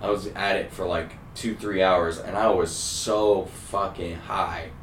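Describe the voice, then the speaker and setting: A man's voice: sits low, fairly even intonation, a little slow. A young man casually telling a rambling story, swearing and full of fillers. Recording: roomy sound, mic far off, faint hum.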